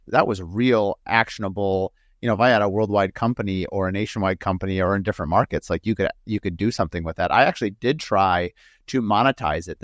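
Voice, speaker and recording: A man's voice: lowish voice, a bit bright, dry recording, studio quality. A man from the northern United States hosting a podcast, telling long stories with frequent asides in casual chat. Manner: rambling storyteller, frequent asides. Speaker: podcast host and home builder.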